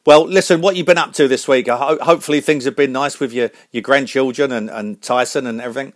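A man's voice: medium pitch, fast talker, no room sound, studio quality. A man hosting a comedy radio show, announcing guests with showman flair.

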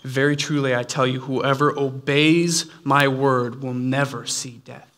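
A man's voice: mid-range voice, steady tone, measured pace, few pauses, a bit bright. A man preaching a sermon in an earnest, conversational way, slipping in playful asides.

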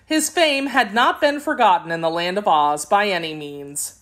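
Expressive woman reading a storybook aloud. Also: mid-range voice, moderate pace. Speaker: audiobook reader. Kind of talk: scripted narration of a children's classic.

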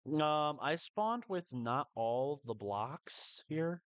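Excitable man streaming a game. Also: a little high, dry recording. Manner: excitable, rapid repeated protests. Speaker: live streamer. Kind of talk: live gameplay commentary.

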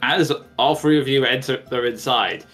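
A man's voice: medium pitch, steady tone, fairly bright tone, soft background music. Man running a tabletop game. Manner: halting, restarts words often. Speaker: game master.

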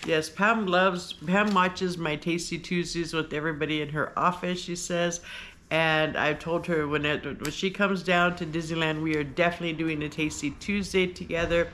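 A woman hosting a casual unboxing vlog, talking in a gushing, excitable way. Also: low-pitched, moderate pace, a little hiss or hum. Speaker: vlogger host. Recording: paper crinkling and clicks behind.

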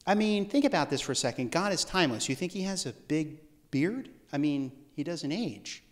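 A man's voice: fairly high pitch, animated, normal speed. A man preaching a casual, conversational sermon in a church service, with joking asides and restarts. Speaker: pastor.

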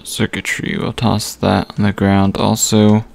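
Slow, gravelly-voiced man narrating gameplay. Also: lowish voice, monotone, a little mellow. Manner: thinks aloud while sorting items, many pauses and fillers. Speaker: gaming channel host. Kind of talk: casual gameplay commentary.

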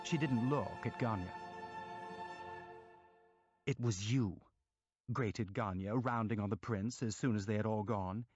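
Over music, a man with a lowish voice narrates a classic novel as an audiobook, measured and expressive in his storytelling. The highs in the recording are cut off.

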